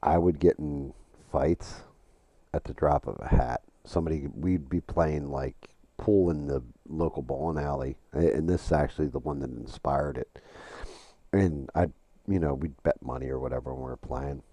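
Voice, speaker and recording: A middle-aged man with an extremely low, dark voice, chatting on a live game stream. He swears often and tells long, rambling stories full of restarts. The sound is dry and close. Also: moderate pace, breathy edge, no room sound. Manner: profane, storytelling, rambling with restarts. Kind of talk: casual live-stream chat while gaming.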